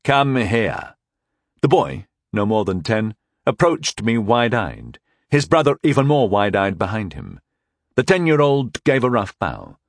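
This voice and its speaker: A man's voice: fairly low pitch, wildly swooping pitch, a little slow, gravelly, dry recording, clean studio sound. A man narrating a first-person fantasy story in a wry, conversational way. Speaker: audiobook narrator.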